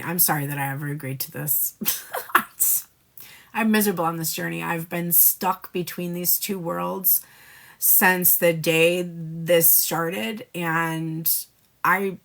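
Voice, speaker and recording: Low gravelly woman doing a live tarot reading, blunt and casual, talks as the cards in first person. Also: a bit bright. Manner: casual, blunt, speaks the card figures' thoughts in first person. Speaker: tarot reader.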